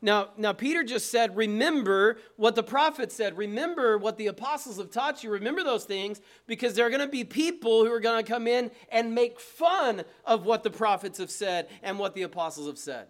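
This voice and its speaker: A man's voice: high-pitched, moderate pace, few pauses. A man preaching a sermon from the pulpit, emphatic and conversational, with asides to the congregation. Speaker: pastor. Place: church.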